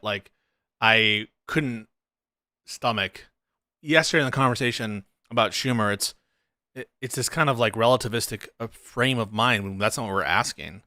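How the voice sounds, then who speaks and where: A man's voice: medium pitch, normal speed, bright, forceful tone, no room sound, clean studio sound. A man giving sarcastic, argumentative commentary on political clips, laughing at them as he goes. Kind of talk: casual reaction commentary.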